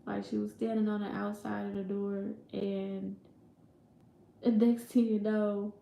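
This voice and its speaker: Young woman, casual storytime, rambling with fillers, mellow gravelly voice. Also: mid-range voice, flat delivery, unhurried. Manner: rambling, filler-heavy retelling with quoted voices. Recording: echoey room.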